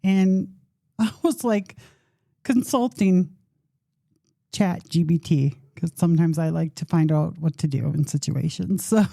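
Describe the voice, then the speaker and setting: A middle-aged woman with a low, gravelly voice, sharing a personal story as a podcast host. Her tone is very mellow and dark. She talks in a loose, rambling, conversational way and pokes fun at herself. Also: a little slow, no room sound, studio quality. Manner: conversational, rambling, with self-deprecating humor.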